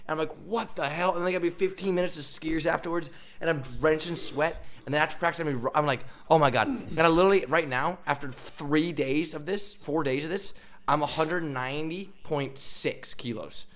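A young man hosting a podcast, telling a story in a casual, animated way, with frequent laughs and fillers. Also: a little high, moderate pace. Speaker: podcast host. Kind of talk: casual chat.

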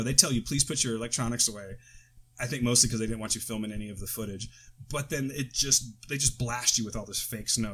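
A man's voice: medium pitch, pushed and bright, husky. An American man casually chatting on a podcast, rambling off on tangents and interrupting himself, close to the mic. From United States. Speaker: podcast co-host. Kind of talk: casual chat.

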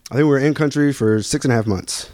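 Fast-talking young man telling stories. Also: mid-range voice, darkish tone, dry recording, clean studio sound. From Louisville, Kentucky. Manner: profane, rambling anecdotes. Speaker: guest. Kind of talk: casual storytelling.

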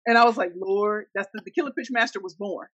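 Woman, from St. Louis Missouri, animated storyteller, bright forceful voice, dry close recording. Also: medium pitch, fast talker, no echo, dull audio. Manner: animated, acts out quoted voices. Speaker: guest entrepreneur. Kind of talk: emotional storytelling interview.

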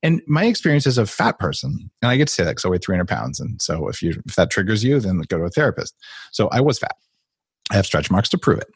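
A man's voice: lowish voice, very animated, quick pace, slightly rough, no room sound, clean studio sound. A man talking as a podcast guest, playfully acting out the voices in people's heads as he explains. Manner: playful, acts out inner voices. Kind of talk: animated interview talk.

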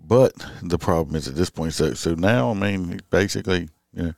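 A man's voice: sits low, animated, normal speed, creaky, a little mellow, dry recording, clean studio sound. A middle-aged man, a police officer talking in a casual, rambling late-night monologue full of fillers and restarts.

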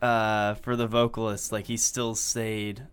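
A man co-hosting a casual music review chat, hesitant and measured in his critique. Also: lowish voice, level tone, clear, resonant tone.

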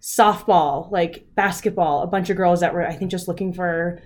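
A woman's voice: fairly low pitch, fairly even intonation, normal speed, darkish tone. A woman in her thirties from Colorado, a guest on a casual podcast, chatting freely with lots of fillers and easy laughter. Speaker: podcast guest, former rugby player. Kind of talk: casual conversational interview.

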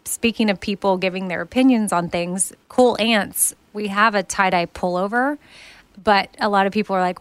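A woman's voice: mid-range voice, moderate pace, clear, resonant tone, no echo. A woman in her thirties hosting a podcast, chatting casually and laughing often. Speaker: podcast host. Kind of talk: casual chat.

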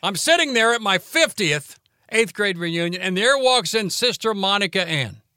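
A man in his seventies, a radio host and lawyer, telling stories from his life in a forceful, driving cadence during a casual interview. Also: high voice, lively intonation, clean tone, dry recording, clean studio sound. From Cincinnati, Ohio. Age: 70s. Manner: aggressive rapid cadence.

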